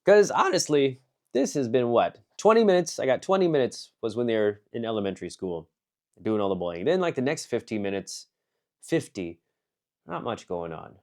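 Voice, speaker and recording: A man casually reviewing an anime film, rambling with lots of fillers and restarts, jumping between excited bursts and quiet muttered asides. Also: mid-range voice, normal speed.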